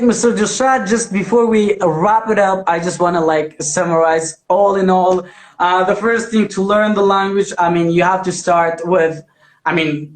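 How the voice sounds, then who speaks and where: A man hosts a live chat, pausing often and filling the gaps as he talks. His voice is high for a man. An echoey room rings around him. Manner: hesitant, many fillers. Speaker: host.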